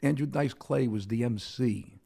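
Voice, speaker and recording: A man's voice: mid-range voice, moderate pace, creaky, dark tone. A man, a comedian telling brash, wisecracking stories as a podcast guest. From Brooklyn, New York. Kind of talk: casual storytelling chat.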